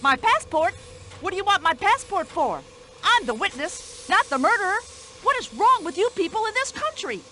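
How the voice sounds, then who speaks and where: An actress voicing a brash, nosy older American widow in a video game, speaking in an indignant, chatty American accent. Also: female voice, fairly high pitch, very animated, moderate pace, bright, forceful tone, a little hiss or hum.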